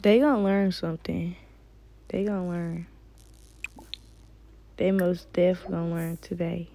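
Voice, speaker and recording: A woman's voice: lowish voice, fairly even intonation, unhurried, creaky, mellow, slight background noise, poor audio. A woman giving casual, slangy commentary while playing a game and talking to her viewers. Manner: slangy, chatty, talks to viewers. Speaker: gamer.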